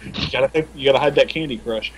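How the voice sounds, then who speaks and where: A man's voice: medium pitch, quick pace, low-quality recording. A man playing an online card game with friends, reading cards aloud and laughing often in casual chat.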